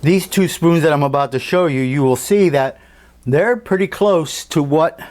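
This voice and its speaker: A man talking casually about his scale model at a home workbench, unhurried and thinking aloud with fillers and restarts. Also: a little high, a little mellow. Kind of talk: casual hobby workshop walkthrough.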